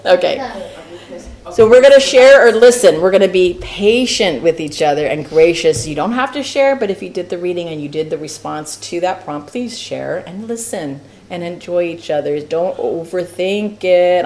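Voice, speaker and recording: A woman teaching a church Bible study class, talking in a lively, playful way with frequent laughs and asides. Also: on the low side, moderate pace.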